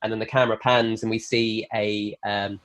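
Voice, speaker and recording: A man pitching a film plot on a comedy podcast, telling it as an animated story and acting out the lines. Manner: animated storyteller, quick, acts out quotes. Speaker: guest pitching a film idea.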